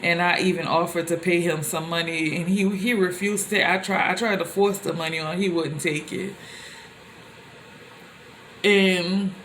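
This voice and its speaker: A young woman telling personal stories to the camera in a loose, conversational way, with animated exclamations. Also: on the low side, unhurried, slight background noise. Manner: animated, with rising exclamations when quoting others; loose and conversational, with many fillers and restarts. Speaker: vlogger.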